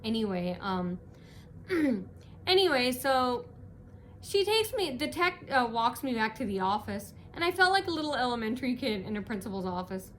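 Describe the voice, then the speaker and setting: A woman's voice: on the high side, big pitch swings, normal speed, fairly bright tone, a little hiss or hum. Rambling, indignant woman telling a story. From United States. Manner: rambling, indignant, repeats herself. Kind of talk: casual monologue to camera.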